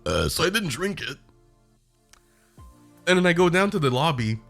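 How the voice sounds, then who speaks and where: A young man streamer casually retelling a bad trip, animated and profane. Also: on the high side, moderate pace, gravelly, soft background music. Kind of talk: casual storytelling.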